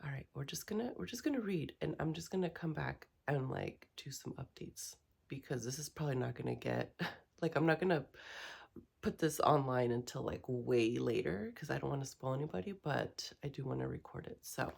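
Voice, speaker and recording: A woman chatting casually in a reading vlog, rambling and excitable with many fillers. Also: extremely low pitch, normal speed, vocal fry, slightly rough. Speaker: book vlogger.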